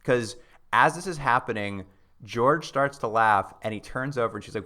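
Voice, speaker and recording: A man's voice: on the low side, brisk, pushed and bright. A man co-hosting a podcast in casual chat, recapping plot and acting out quoted lines with laughter. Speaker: podcast co-host.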